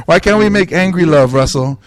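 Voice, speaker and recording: Joking man hosting a podcast. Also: fairly high pitch. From Samoan. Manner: joking, rambling, quick asides and self-mockery. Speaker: comedy podcast host. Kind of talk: casual comedic banter. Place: indoor club room.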